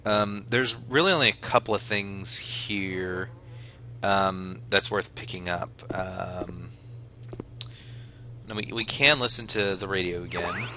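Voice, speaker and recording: Low-voiced young man rambling over gameplay. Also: slow pace, noisy background. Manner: rambling, hesitant, many fillers. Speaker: let's play gamer. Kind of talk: casual gameplay commentary.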